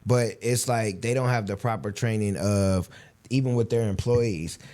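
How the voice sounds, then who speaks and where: Male host, 30s, animated storyteller in casual interview. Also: lowish voice, moderate pace. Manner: animated storytelling, acts out quoted voices. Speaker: podcast host.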